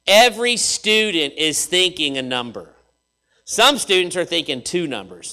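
A man preaching a sermon in an animated way, repeating phrases for emphasis and swinging from loud to hushed. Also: a little high, a little slow.

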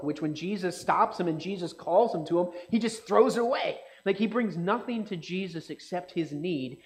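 A man's voice: a little high, rough recording. A man giving a conversational sermon, asking his listeners questions and acting out the people in the story. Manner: animated, asks the audience questions, acts out quotes. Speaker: pastor or Bible teacher. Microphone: speaking to a live group, slide on screen.

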